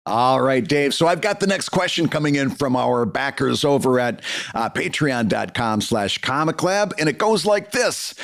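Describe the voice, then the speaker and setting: A man's voice: mid-range voice, lively intonation, normal speed, creaky, fairly bright tone. A man co-hosting a podcast, joking around and reading listener questions aloud in casual banter. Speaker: podcast co-host.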